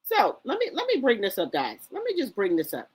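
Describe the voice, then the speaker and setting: A woman hosting a gossip commentary show, talking in an animated, emphatic way with plenty of exclaiming and cussing. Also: on the high side, a little fast, breathy edge. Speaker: commentary channel host.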